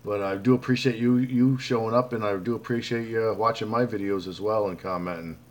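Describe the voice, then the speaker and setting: A man's voice: lowish voice, fairly even intonation, a little fast. A man hosting a casual live stream, chatting loosely with viewers, greeting them by name and calling them bud. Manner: rambling, reads viewer comments aloud; frequent fillers and restarts. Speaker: livestream host.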